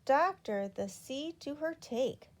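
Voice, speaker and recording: A woman's voice: sits high, expressive, slow, voice pushed up. A woman voicing a cheerful man who always speaks his words back to front. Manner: cheerful, words in reverse order.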